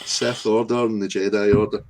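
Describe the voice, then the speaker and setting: Low-voiced man in profane banter. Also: little pitch movement, moderate pace, over a noisy crowd, poor audio. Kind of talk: casual chat.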